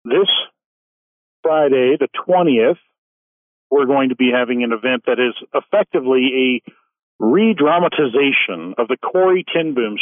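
A man who is a pastor, calling in by phone to a radio show, speaking in a formal, measured way. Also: medium pitch, no room sound. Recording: tinny phone line.

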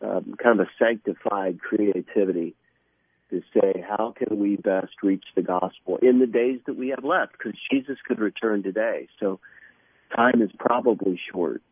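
A man speaking as a guest in a radio interview, earnest and halting, often restarting his sentences. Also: on the low side, husky, no room sound. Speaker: guest from an evangelistic ministry. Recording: tinny phone line.

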